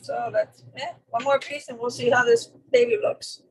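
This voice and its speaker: A woman's voice: high-pitched, normal speed, a little hiss or hum, low-quality recording. A woman co-hosting a live sewing show, chatting casually as she sews and exclaiming as she laughs along. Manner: animated, exclaims, laughs easily. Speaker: co-host sewing on the stream. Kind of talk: casual chat while sewing.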